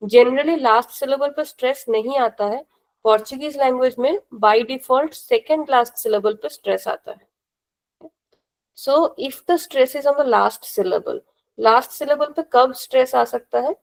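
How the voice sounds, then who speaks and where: Young female teacher, Indian accent, slightly high voice with gravelly fry, patient and repetitive classroom explaining. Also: rapid-fire, low-quality recording. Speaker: language teacher.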